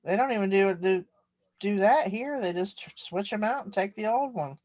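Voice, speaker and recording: A woman's voice: mid-range voice, moderate pace, a little mellow, dry recording. A woman in a casual chat who makes matter-of-fact remarks.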